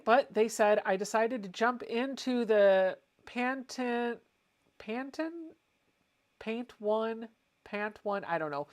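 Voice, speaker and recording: A woman hosting a casual home livestream, chatting and reading viewer comments aloud. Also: mid-range voice. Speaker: livestream host.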